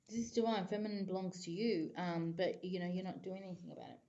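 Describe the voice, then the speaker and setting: A woman's voice: on the low side, steady tone, fairly quick, hardly any pauses, warm tone, lo-fi sound. A woman, a psychic giving a casual tarot reading to camera in a rambling, chatty way full of filler phrases.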